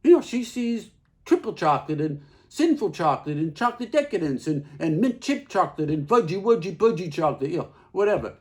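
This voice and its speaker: An actor with a high, sing-song voice performs a theatrical monologue onstage. He plays Carl, a plain-spoken, middle-aged husband, telling a folksy story with halting repeats.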